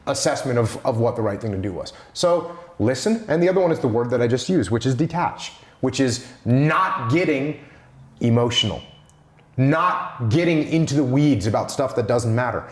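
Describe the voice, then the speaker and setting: A man's voice: medium pitch, animated, moderate pace. A man talking through ideas on leadership in a casual podcast conversation, with an emphatic manner, hammering on key phrases. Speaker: leadership speaker. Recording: roomy echo.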